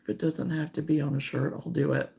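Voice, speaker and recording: A woman hosting a casual crochet livestream, chatting warmly and reading out viewer comments, sometimes close to tears. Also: low-pitched, fairly even intonation, brisk, creaky. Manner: warm, emotional, reads viewer comments aloud.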